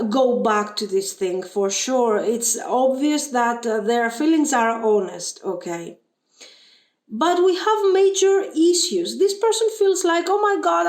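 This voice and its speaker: A woman with a high voice gives a tarot reading to viewers. Her delivery is emphatic and often exasperated, and she speaks directly to them. The room carries a clear echo. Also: a little mellow. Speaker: tarot reader.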